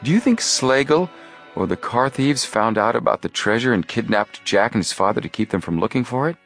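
A man's voice: mid-range voice, lively intonation, fairly quick, fairly bright tone, faint music behind, pitched above the performer's own voice. A man voicing an eager, questioning teenage boy detective.

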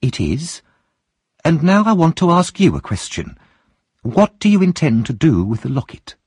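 A man voicing a calm, scheming middle-aged woman who speaks steadily and without fear, in a husky voice. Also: on the high side, normal speed, no room sound, studio quality, voice pushed up, full character voice. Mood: calm, cold. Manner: steady, unafraid, matter-of-fact.

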